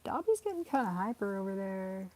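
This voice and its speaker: Casual young woman livestreaming her cats at home, chatty and laughy, mellow tone. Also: big pitch swings, fairly quick, a little hiss or hum. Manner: giggly, chatty, talks to the cats in a high coaxing voice. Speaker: cat rescue livestreamer. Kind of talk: casual live-stream chat while cats play.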